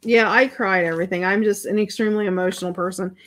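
A woman's voice: mid-range voice, steady tone, quick pace, a bit bright. A middle-aged woman hosting a crafting livestream, thinking aloud as she works and chatting with viewers about their comments. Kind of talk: casual craft demonstration chat.

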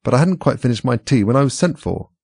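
A man's voice: mid-range voice, very animated, fast, creaky, darkish tone, husky, dry recording, studio quality, pitched above the performer's own voice, full character voice. A man voicing a frightened hatter on trial, speaking with a trembling, stammering voice. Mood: nervous. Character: nervous, flustered male hatter on trial.

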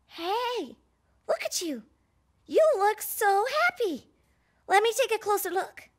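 A woman voicing a chatty, excitable little boy puppet who hosts a children's show and talks straight to the viewer. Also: extremely high pitch, slow, exaggerated voice. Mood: cheerful. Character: playful little boy puppet, pre-school vlogger.

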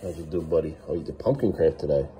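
Filming himself on a handheld camera, a dad chats playfully in the kitchen while coaxing his young sons for a casual family vlog. He has a very deep, warm voice and talks fast, with a faint hiss or hum on the recording.

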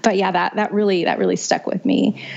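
A young woman with a lowish, gravelly, slightly mellow voice casually tells her birth story as a podcast guest. She speaks a bit fast with fairly even intonation, chatting away, restarting phrases and leaning on "you know." The audio is dull and lo-fi.

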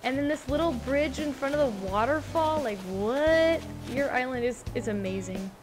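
Gushing young woman, bright high voice. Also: normal speed, low-quality recording. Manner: gushing, excitable, repeats words. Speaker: gaming vlogger. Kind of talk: casual reaction commentary. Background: game background music.

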